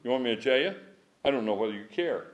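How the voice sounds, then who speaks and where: A middle-aged man teaching an informal Bible study from home, emphatic and animated, with a strained voice and chuckling asides. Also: mid-range voice, fast talker, dull audio. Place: at home with dogs.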